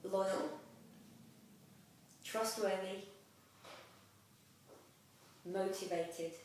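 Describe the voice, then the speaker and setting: A young actress chatting in an interview, lively, with frequent laughs and "um" fillers. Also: female voice, mid-range voice, very slow, a little hiss or hum. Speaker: actress guest. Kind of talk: casual interview chat. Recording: echoey room, mic at a distance.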